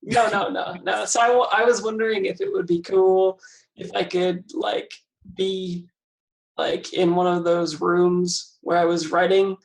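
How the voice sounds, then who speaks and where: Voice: medium pitch, level tone, unhurried, gravelly, rough recording. A player in a tabletop game, giggly and rambling with many fillers. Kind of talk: tabletop game role-play.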